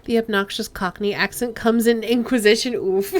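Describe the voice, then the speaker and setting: An American woman streamer chatting casually over a game. Her voice sits fairly high and she laughs often. Faint game music plays behind her. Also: steady tone, moderate pace. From United States. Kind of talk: casual gameplay commentary.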